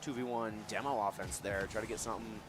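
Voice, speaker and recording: A man co-casting an esports match, laid-back and dry in banter, quicker during plays. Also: on the low side, fairly even intonation, over music. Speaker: esports co-caster. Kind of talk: color and play-by-play commentary.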